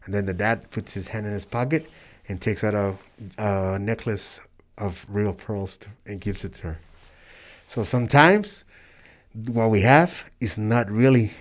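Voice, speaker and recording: A man's voice: fairly low pitch, measured pace. A man in his forties, a professional wrestler from El Paso and Juárez, earnestly telling stories in a casual interview and acting out the voices in them. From El Paso, Texas and Juárez, Mexico.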